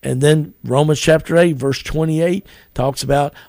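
Earnest middle-aged pastor, dry close sound. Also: male voice, a little high, steady tone, gravelly, a little mellow, dry recording. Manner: earnest and conversational, slows to recite scripture. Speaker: pastor and podcast host. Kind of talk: devotional podcast talk.

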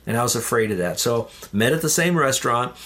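A man's voice: medium pitch, animated, quick pace, fairly bright tone. A man, a ministry leader, earnestly telling a personal faith story in an interview. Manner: earnest, addresses listeners as "dear ones".

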